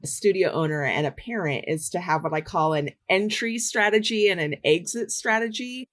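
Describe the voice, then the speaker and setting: Middle-aged woman, low voice, calm advisory podcast guest. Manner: measured, advisory. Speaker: dance adjudicator and studio owner. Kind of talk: podcast guest giving advice.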